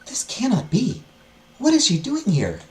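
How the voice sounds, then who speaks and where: A man's voice: high voice, huge pitch swings, unhurried, voice pushed up, exaggerated voice, low-quality recording. A man voicing an anxious, proud young noblewoman who frets and worries. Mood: fretful. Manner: fretful, worried.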